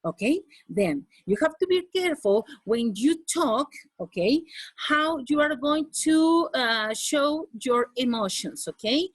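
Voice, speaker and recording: A woman's voice: sits high, expressive, unhurried, no room sound. Woman teaching English, dry close mic. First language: Spanish. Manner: repeats "okay?" after each point, switches into Spanish. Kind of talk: online class lesson.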